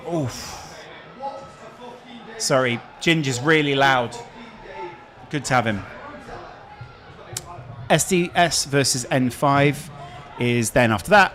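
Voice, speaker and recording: A man's voice: medium pitch, a bit bright. A man with a Scouse accent hosting a casual live stream, chatting and answering viewer questions. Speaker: streamer host.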